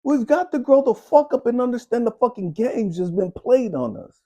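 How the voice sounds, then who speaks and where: A man's voice: very high-pitched, animated, moderate pace, warm tone. A man, a spiritual coach, delivering a fierce, profane motivational monologue in a preaching, scolding manner.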